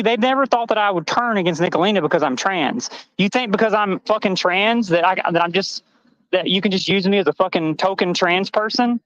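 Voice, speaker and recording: A woman's voice: medium pitch, no room sound, highs cut off. A trans woman on a live stream panel, delivering a heated, angry rant full of swearing and accusations.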